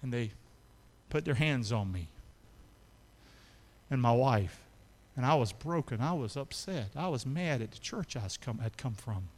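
A middle-aged man preaching a sermon as pastor, calling out questions to his congregation and rising to shouts. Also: medium pitch, expressive, measured pace. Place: church sanctuary. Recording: long hall reverb.

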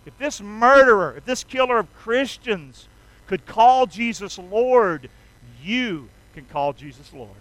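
A man with a strikingly high, smooth voice preaches an energetic sermon. He calls on the congregation to repeat after him in a folksy, emphatic style. The sound is close and dry. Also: slow, no room sound, poor audio. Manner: energetic call-and-response with the congregation. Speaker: pastor.

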